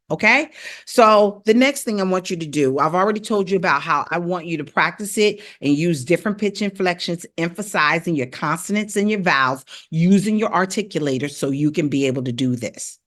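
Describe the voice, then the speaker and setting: A woman's voice: lowish voice, normal speed. A woman vocal coach giving a casual live lesson, encouraging viewers, repeating herself, and breaking into rap and tongue-twister drills. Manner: encouraging, repetitive, rapping drills aloud.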